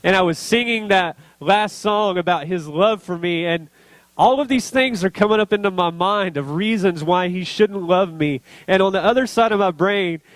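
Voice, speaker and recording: A man's voice: high voice, normal speed, dry recording. A man preaching a sermon as pastor, speaking earnestly and building to emotional intensity.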